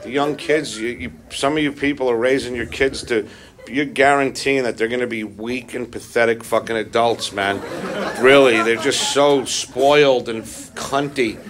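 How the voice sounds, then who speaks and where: Amid heavy background noise and loud audience laughter, a male comedian performs live at a club with a handheld mic. His mid-range voice holds a steady tone at a moderate pace while he fires off profane, confrontational, aggressive punchlines.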